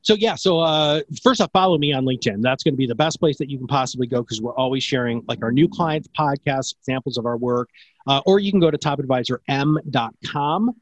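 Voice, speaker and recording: A man who runs a podcast production company, answering interview questions in a fast, enthusiastic, salesy way. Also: medium pitch, no room sound.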